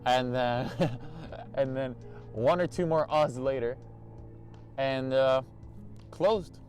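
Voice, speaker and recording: A young man telling a storytime vlog, animated, restarting and repeating himself, laughing often. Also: medium pitch, slow, faint music behind. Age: young adult. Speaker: vlogger.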